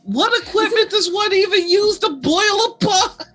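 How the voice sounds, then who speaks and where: A woman's voice: very high-pitched, expressive, fairly bright tone, soft background music. A woman co-hosting a casual chat, joking with laughter and casual swearing. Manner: slow, laughing, swearing banter. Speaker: co-host.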